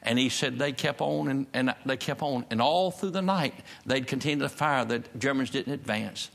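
A man's voice: mid-range voice, moderate pace, gravelly, a bit bright. A man preaching a sermon in a church service, emphatic and repeating his key phrases. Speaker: pastor.

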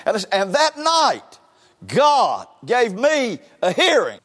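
A high, wildly swinging voice belongs to an older preacher, husky around the edges. He keeps calling out "listen" and stumbles into his phrases as he testifies. A long church reverb trails after every word. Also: wildly swooping pitch, takes it slowly, a bit bright. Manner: emphatic, repeats "listen" and stammers into phrases. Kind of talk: sermon, telling personal testimony. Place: church sanctuary.

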